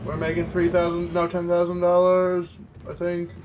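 A man's voice: high voice, monotone, normal speed, a little mellow, slight background noise. A man making offhand, dry remarks while playing a game with a friend. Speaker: let's play co-host. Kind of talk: casual gameplay chat.

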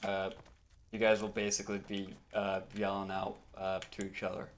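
A man directing friends' voice lines in a casual voice chat, halting with many fillers. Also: deep voice, completely flat delivery, a little hiss or hum. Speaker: director of a fan video, giving voice lines to friends.

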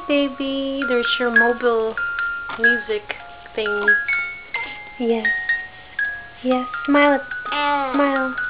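High-voiced mother cooing baby talk. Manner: sing-song, coaxing baby talk. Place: home nursery beside a crib. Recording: lo-fi home video with loud crib mobile music.

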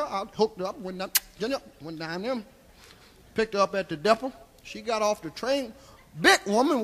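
A comedian playing a crude, rambling old Southern storyteller with a Southern US accent, drawling folksy tales on a live stand-up stage. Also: male voice, very high voice, bright, forceful tone, heavily acted. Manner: drawling, folksy, keeps tagging lines with "see?". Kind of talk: live stand-up character monologue.

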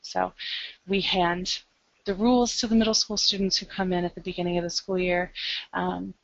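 A woman with an American Midwest accent speaks in a low, gravelly voice as she walks through a webinar presentation. Her delivery is upbeat and conversational, full of ums. The audio is dry and dull, like an online call. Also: little pitch movement, moderate pace, dry recording.

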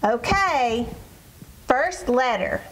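A woman voicing a friendly girl puppet who teaches children in a church puppet show, speaking in a bright, encouraging storybook tone. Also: high voice, animated, drawn-out words, slight background noise, full character voice, low-quality recording. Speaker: puppet presenter.

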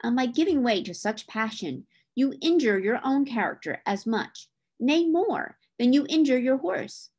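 A woman reading the lines of a stern, principled gentleman who reproves others over the cruel treatment of horses. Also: high voice, expressive, a little slow, breathy edge, pitched above the performer's own voice, exaggerated voice. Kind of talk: reading a novel aloud.

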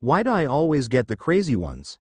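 A man's voice: mid-range voice, wildly swooping pitch, brisk, darkish tone, slightly rough, no echo. A man voicing a fed-up soldier who answers with rude retorts. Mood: exasperated. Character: weary exasperated soldier, male.

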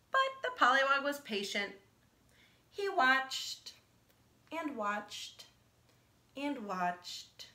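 A woman teacher reading a children's picture book aloud, animated and asking her listeners questions. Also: fairly high pitch. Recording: echoey room.

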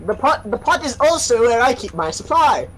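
A player putting on a pompous, mock-posh British gentleman botanist in comic game role-play. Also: mid-range voice, very animated, normal speed. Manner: theatrical mock-posh, flowery and formal.

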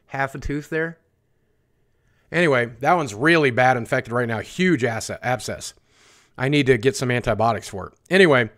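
A man's voice: medium pitch, a bit bright. A man hosting a casual livestream, rambling bluntly and with profanity as he answers chat questions aloud. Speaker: livestream host.

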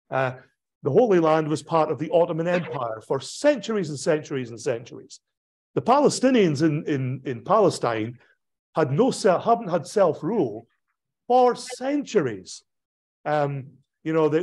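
A man, a pastor, giving a conversational illustrated talk, often pausing on fillers and restarting his sentences. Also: medium pitch, darkish tone. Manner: conversational, digressive lecturing with frequent fillers and restarts. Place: church hall presentation.

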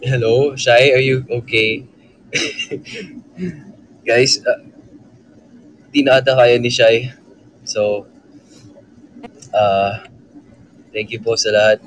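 A man with a Filipino accent joining a casual livestream as a guest, playful and quick to laugh. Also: mid-range voice, steady tone, slight background noise. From Philippines.

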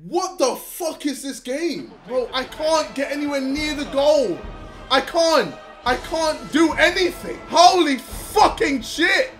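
A young man, commentating his own football video game in a loud, sweary way, switching from mock rage to gloating. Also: very high-pitched, lively intonation, slow, faint music behind. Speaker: gaming YouTuber. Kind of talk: live gameplay commentary.

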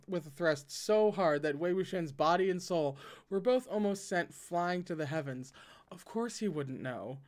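A man's voice: high voice, a little mellow. A man hosting a casual read-aloud of a novel, often breaking off the text for wry, joking commentary. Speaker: host reading a novel aloud.

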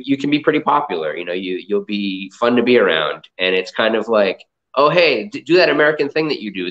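A man from the Boston area talks in a fairly low voice, winding through stories with plenty of "like" and "you know" as he goes. The sound is dull and lo-fi, as if it came over a video call. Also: fairly bright tone. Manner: rambling, filler-heavy storytelling. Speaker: guest, comic art collector and entrepreneur. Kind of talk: casual interview chat. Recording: dull lo-fi audio.

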